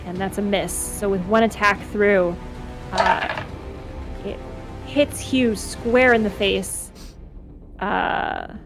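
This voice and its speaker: A young woman runs a tabletop game as dungeon master, her voice sitting at an ordinary middle pitch. She narrates the action and explains rules by thinking aloud, with faint music playing behind her. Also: steady tone, slow, pauses often.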